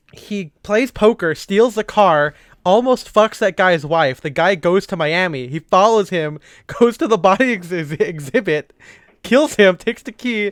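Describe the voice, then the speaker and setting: Chatty man with a clear voice. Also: high voice, no room sound, clean studio sound. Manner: rambling, laughs often, lots of "like". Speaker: podcast co-host. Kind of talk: casual chat.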